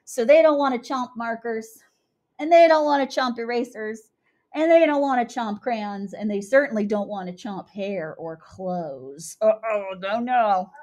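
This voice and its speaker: A young woman teaching young children, animated and sing-song as she chants rhymes and talks through each step. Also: on the high side, a little slow. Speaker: kindergarten teacher.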